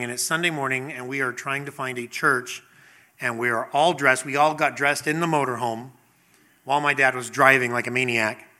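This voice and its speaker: In a medium-pitched voice with fairly even intonation, a middle-aged pastor preaches at a moderate pace, his tone bright and forceful. He keeps the sermon conversational by questioning the congregation and acting out little scenes.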